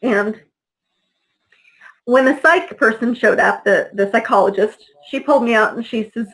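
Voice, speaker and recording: A woman's voice: a little high, moderate pace, pauses often, a bit bright, poor audio. A middle-aged woman telling her story as an interview guest, blunt and heated, swearing freely and acting out the voices of people she quotes. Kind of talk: personal storytelling in conversation.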